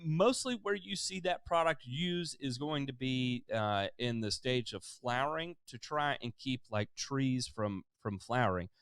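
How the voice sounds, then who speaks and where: A man's voice: a little high, clear, resonant tone, dry recording, studio quality. A man hosting a live-stream lawn care help desk, casually reading viewer questions and answering them at length with many fillers. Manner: relaxed, explanatory, many fillers.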